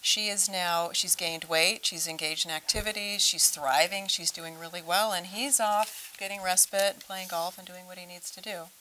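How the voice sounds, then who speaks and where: A woman's voice: lowish voice, fairly even intonation, moderate pace, hardly any pauses, pushed and bright, a little hiss or hum, poor audio. A woman from a senior services organization, telling an earnest story as a guest in a TV interview. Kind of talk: TV interview talk.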